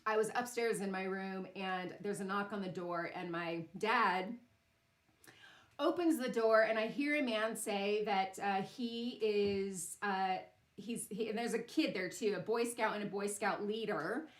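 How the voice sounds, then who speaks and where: A woman's voice: mid-range voice, a little slow, roomy sound. A woman hosting a sound bath ceremony, telling a personal story in a casual spiritual talk, often laughing and using fillers.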